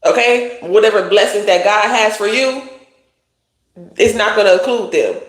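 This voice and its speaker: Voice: mid-range voice, moderate pace. Blunt, profane tarot reader in a roomy space. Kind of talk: casual livestream tarot reading. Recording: roomy echo.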